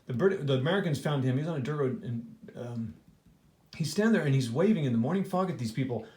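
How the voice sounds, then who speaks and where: A man's voice: mid-range voice, expressive, fast, darkish tone. A man casually thinking aloud as he reviews a board wargame he played, rambling and restarting his sentences with lots of fillers. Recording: echoey room.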